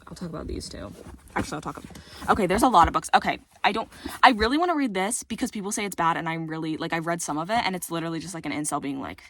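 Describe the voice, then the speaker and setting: A woman's voice: on the low side, animated, rapid-fire, fairly bright tone, slight background noise. A teenage girl chatting casually to her viewers about books, rambling and self-deprecating, full of fillers, with a voice that cracks. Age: teens. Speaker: book vlogger. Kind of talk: casual chat to camera.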